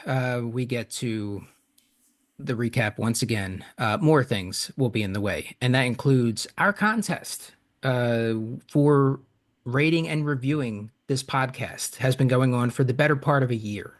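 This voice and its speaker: Chuckling male podcast host, mid-pitched. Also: a little slow. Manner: chuckling, self-deprecating, restarts often. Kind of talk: casual chat, reading a listener email aloud.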